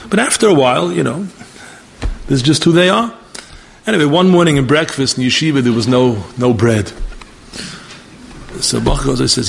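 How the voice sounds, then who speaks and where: Man, gravelly rabbi type, animated sermon storyteller over faint noise. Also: moderate pace, long pauses. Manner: animated storyteller, acts out dialogue, rises to high emphatic exclamations.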